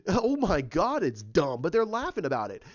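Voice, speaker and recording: Male vlogger, fairly high voice, opinionated rant, dull lo-fi sound. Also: huge pitch swings, normal speed. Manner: opinionated, ranting. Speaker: YouTuber. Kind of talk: casual opinion vlog. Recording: dull lo-fi recording.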